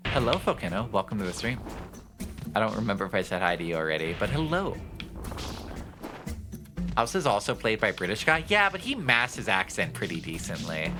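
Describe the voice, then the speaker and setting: Male streamer doing casual gameplay commentary, chatty, low and animated, music behind. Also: brisk, pauses often. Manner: chatty, joking, swears freely.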